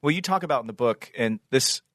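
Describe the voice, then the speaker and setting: A man co-hosting a podcast, speaking at a middling pitch in relaxed conversation. He keeps chiming in to agree and pick up the guest's thread. The sound is dry, with no echo. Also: quick pace. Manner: encouraging, frequent agreeing interjections. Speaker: podcast co-host. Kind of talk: casual interview chat.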